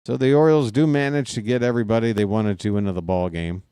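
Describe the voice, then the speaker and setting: A man doing casual live baseball play-by-play from his apartment, wisecracking and drifting into asides between pitches. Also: steady tone, quick pace, mellow, smooth, dry recording, studio quality. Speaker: play-by-play broadcaster. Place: home apartment.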